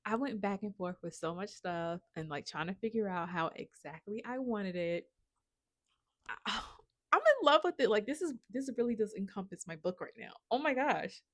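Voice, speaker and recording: A woman vlogging about her writing, chatting casually and excitedly to her viewers and often calling them y'all. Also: mid-range voice, moderate pace, hardly any pauses, no echo. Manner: gushing, excitable, says y'all a lot. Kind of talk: casual chat to camera.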